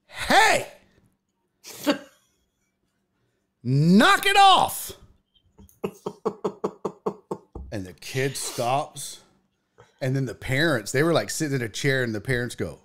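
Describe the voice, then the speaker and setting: A man hosting a podcast, telling a story in casual chat, profane and animated. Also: measured pace. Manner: animated, profane, acts out quotes in a loud high voice. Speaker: podcast host.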